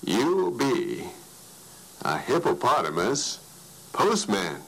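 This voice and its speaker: A man voicing a friendly, big-bellied old prophet who makes slow, solemn pronouncements. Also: medium pitch, wildly swooping pitch, creaky, exaggerated voice, poor audio. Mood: pronouncing.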